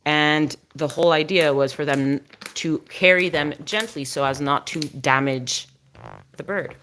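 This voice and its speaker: A woman's voice: low voice, a little slow, a bit bright, a little hiss or hum. A woman chatting on a casual live stream, explaining dog breeds to viewers and cooing at her dog between remarks.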